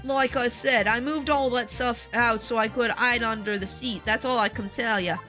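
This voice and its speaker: A woman voicing a scrappy young street urchin girl in a put-on Cockney accent that slips toward Southern US, talking in cheeky, slangy, rough-grammar speech. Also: fairly high pitch, fairly even intonation, moderate pace, pushed and bright, faint music behind. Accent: put-on Cockney, drifting toward Southern US. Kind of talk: reading game dialogue aloud.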